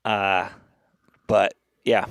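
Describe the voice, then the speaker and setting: A man's voice: low voice, flat delivery, gravelly, slight background noise. A man co-hosting a podcast, chatting casually in a rambling, jokey way. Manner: rambling, jokey, breaks into quick impressions. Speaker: podcast co-host. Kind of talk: casual chat. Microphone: headphones and desk mic.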